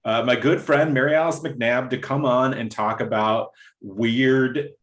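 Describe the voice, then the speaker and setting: A man's voice: mid-range voice, fairly even intonation, a little slow, a bit bright. A young man hosting a podcast, chatting casually and rambling, with frequent restarts and fillers. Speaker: podcast host. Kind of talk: casual chat.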